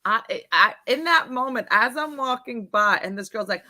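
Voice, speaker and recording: A woman's voice: on the high side, moderate pace, hardly any pauses. A woman hosting a morning show, chatting casually and telling a story with acted-out quotes. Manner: animated storytelling, acts out quoted voices. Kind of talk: casual chat.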